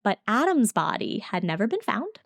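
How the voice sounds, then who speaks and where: A woman's voice: medium pitch, very animated, creaky, a bit bright, no room sound. A woman co-hosting a podcast, telling a true-crime case in chatty, casual storytelling. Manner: fast, chatty storytelling from notes. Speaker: podcast co-host.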